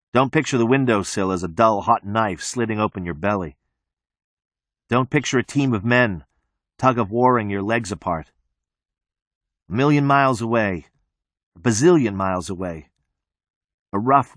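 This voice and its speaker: A man with a low voice narrates a novel in the first person. His reading is tense and measured. The sound is dry and close to the mic. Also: no room sound. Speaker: audiobook narrator.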